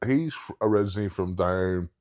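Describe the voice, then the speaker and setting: A man, a professional strongman, chatting as a podcast guest. His voice sits fairly low. He talks frankly and matter-of-factly and laughs easily. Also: normal speed, a little mellow. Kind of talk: casual chat.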